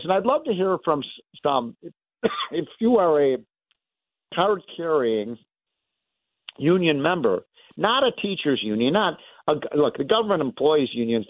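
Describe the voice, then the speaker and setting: Talk radio economist host, male, emphatic and lively, slightly higher pitch, dry narrow-band audio. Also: no echo. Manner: animated, emphatic, coughs now and then.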